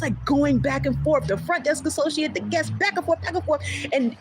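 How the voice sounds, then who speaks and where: A woman's voice: high-pitched, fairly quick, a little hiss or hum, rough recording. A woman chatting casually on her livestream, candid and outspoken, swearing freely and acting out other people's lines as she tells stories. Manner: animated storyteller, acts out others' lines. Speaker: vlogger. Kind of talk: casual chat to a livestream audience.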